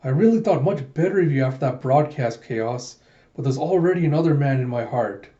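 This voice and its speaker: A man voicing a fiery young female cyborg warrior in excitable, flustered bursts. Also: medium pitch, fairly quick, natural voice. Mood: earnest. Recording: dull lo-fi recording.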